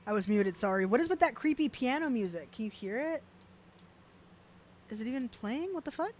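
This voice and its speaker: A woman's voice: on the high side, big pitch swings, fairly quick, darkish tone, faint music behind. Foul-mouthed woman reacting to clips. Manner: blunt, heavy swearing, mocking. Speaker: commentary streamer. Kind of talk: casual reaction commentary.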